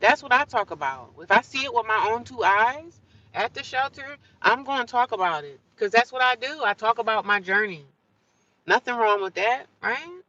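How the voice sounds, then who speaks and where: A woman's voice: fairly high pitch, expressive, normal speed, pushed and bright, dry recording, recorded from a distance, lo-fi sound. A woman in a car at a gas station, talking casually and ramblingly to her viewers, encouraging herself as she goes. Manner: chatty, rambling, self-encouraging. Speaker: vlogger. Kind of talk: casual vlog talk to viewers.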